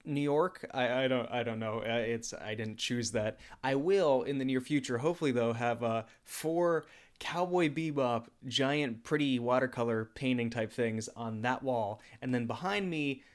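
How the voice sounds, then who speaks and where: A man's voice: mid-range voice, normal speed. Young guy doing a chill livestream q&a, laid back, lots of uhs. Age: young adult. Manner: relaxed, laid-back, many filler "uh"s. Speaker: YouTuber and comic dubber. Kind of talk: casual livestream Q&A.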